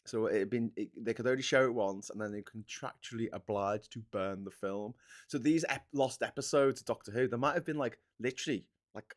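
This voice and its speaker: A man with a Scouse accent hosts a casual live stream, talking into a desk mic at his computer. He rants with strong opinions and jumps into loud whoops, and his voice sits at a middling pitch. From England. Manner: animated, opinionated ranting with sudden loud outbursts.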